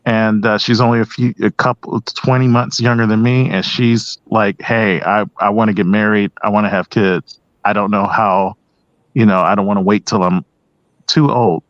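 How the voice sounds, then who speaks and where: A man speaking as a guest on a panel discussion, hesitant with many pauses and restarts. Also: fairly low pitch, fairly even intonation, no echo, lo-fi sound.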